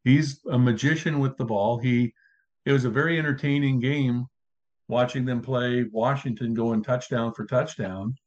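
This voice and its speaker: A man's voice: mid-range voice, steady tone, normal speed. A man hosting a casual sports talk show, laying out his case one point after another. His voice sits in a middle register. The recording is dull and lo-fi. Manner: conversational, builds arguments point by point. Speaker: podcast host. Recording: dull lo-fi sound.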